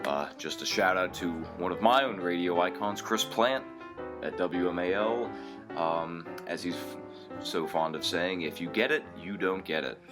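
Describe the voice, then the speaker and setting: Male co-host, very low voice, deadpan anecdotes, music bed behind. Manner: dry storyteller, halting with ums. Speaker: podcast co-host. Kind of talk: storytelling comedy chat.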